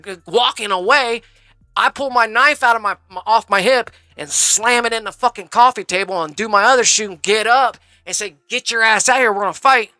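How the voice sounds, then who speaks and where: Rambling, profane male streamer, bright voice. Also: high voice, dry recording, clean studio sound. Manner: rambling, profane, says "bro" constantly. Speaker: live streamer. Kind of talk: casual storytelling on a live stream.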